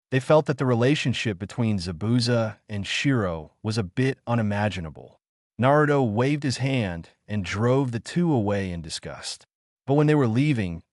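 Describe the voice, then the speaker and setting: A man narrating a translated web novel audiobook in an animated storytelling manner. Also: fairly low pitch, dry recording, studio quality.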